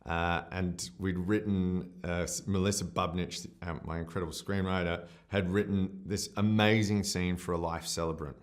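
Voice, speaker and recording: A man's voice: low voice, steady tone, moderate pace, few pauses. An Australian man, a film director, talking in a festival interview, effusive and rambling with many fillers and restarts, openly emotional and self-deprecating.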